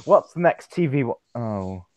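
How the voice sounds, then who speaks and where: A man's voice: mid-range voice, very animated, a little slow, darkish tone, rough recording. A young man hosting a casual podcast chat, rambling, restarting and stumbling over his words. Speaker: podcast host.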